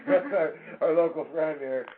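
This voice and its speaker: This Michigan radio host's voice is a little high, with slight background noise under the phone-like, narrow-band audio. He tells a story casually and animatedly, filling it with verbal fillers and acting out the quoted voices.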